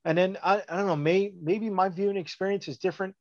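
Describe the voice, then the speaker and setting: A man's voice: high-pitched, steady tone, fast talker, darkish tone, dry recording, dull audio. A man in casual chat, blunt and profane, dismissive in his opinions.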